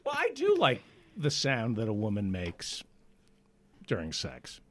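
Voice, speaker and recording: Man with wildly swinging pitch, protesting. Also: wildly swooping pitch, measured pace, fairly bright tone. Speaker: podcast co-host. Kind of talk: casual chat.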